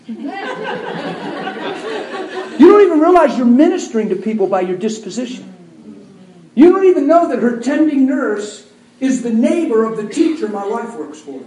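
A high-voiced man preaches in a story-driven style, jumping from loud, excited bursts to hushed, near-whispered asides. His voice rings through a very echoey hall, heard from some distance with faint room noise behind. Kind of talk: sermon storytelling.

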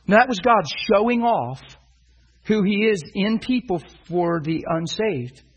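A man's voice: high-pitched, animated, measured pace, husky, highs cut off. A middle-aged man preaching, telling a personal story and acting out the dialogue with animation. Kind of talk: sermon storytelling.

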